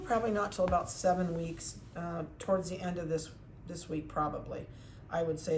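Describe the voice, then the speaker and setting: A woman's voice: lowish voice, darkish tone, slight background noise. Chatty woman breeder in an echoey room. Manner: chatty, coos to the puppies. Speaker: dog breeder. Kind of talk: casual video update.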